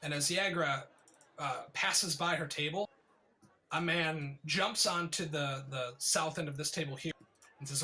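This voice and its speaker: A man narrating a tabletop game as game master, in vivid, descriptive narration with filler pauses. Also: fairly high pitch, sharp tone.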